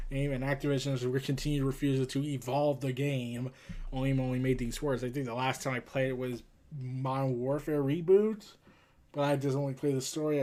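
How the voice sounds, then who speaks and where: A man's voice: mid-range voice, a little mellow. A man hosting a casual news commentary, rambling with sarcastic asides. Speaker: host.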